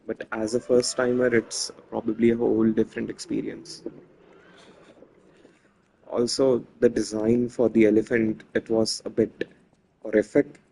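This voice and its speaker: A man's voice: on the low side, level tone, a little slow, vocal fry, pauses often, warm tone, a little hiss or hum, poor audio. A man casually talking viewers through a video game as he plays, chatty and often correcting himself mid-sentence. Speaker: gameplay commentator. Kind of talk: casual let's-play commentary.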